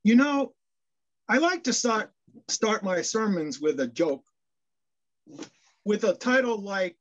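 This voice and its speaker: A man's voice: high voice, lively intonation, takes it slowly, pauses often, fairly bright tone. A male minister giving a sermon, telling jokes in a storyteller's way and often restarting his phrases. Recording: dull lo-fi sound.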